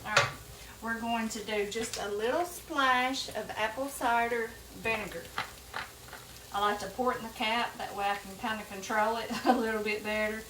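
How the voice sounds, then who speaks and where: This home cooking show host has a fairly high voice and calls her viewers "y'all" as she gives a relaxed demo in her kitchen. The recording is very noisy and echoey, picked up from afar, with frying and sizzling on the stove.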